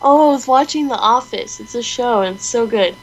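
A woman's voice: a little high, fairly quick, poor audio. A young woman co-hosting a podcast, telling rambling stories with giggles in a casual chat. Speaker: podcast co-host.

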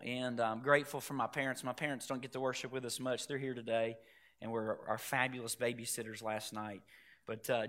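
A male pastor preaching a sermon in a conversational way. He swings from loud emphasis to hushed, quiet delivery and asks the congregation direct questions. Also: medium pitch.

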